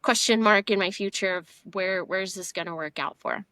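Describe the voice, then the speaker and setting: A woman's voice: mid-range voice, normal speed, no room sound. Chatty young woman telling a story. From Houston, Texas. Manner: animated storytelling with frequent fillers. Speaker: podcast guest. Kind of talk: casual conversational testimony.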